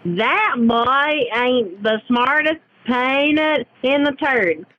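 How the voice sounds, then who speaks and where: A woman's voice: high-pitched, animated, drawn-out words, dry recording, muffled recording, exaggerated voice. A woman doing a folksy female politician who bossily coaches in corny sayings. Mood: coaching. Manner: bossy, encouraging, folksy.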